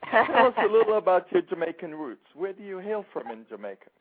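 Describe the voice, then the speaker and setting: A man's voice: sits high, sing-song, fast talker. Male radio co-host, friendly, short questions, phone-line sound. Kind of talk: radio interview.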